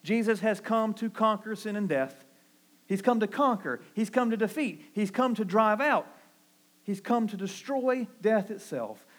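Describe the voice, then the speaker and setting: A Southern man preaching a sermon in an earnest, pastoral way. His voice sits a little high for a man. He swings from emphatic, rising declarations to low, quiet asides. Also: lively intonation, a little slow. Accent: Southern American. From American South. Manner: earnest preaching, rising emphatic on key phrases, dropping low and soft for quotes.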